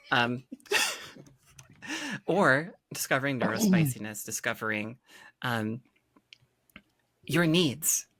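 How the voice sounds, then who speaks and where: A woman's voice: a bass voice, big pitch swings, slow pace, long pauses, fairly bright tone, dry recording. A woman co-hosting a casual podcast chat, rambling and playful, often breaking into laughs. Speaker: podcast co-host.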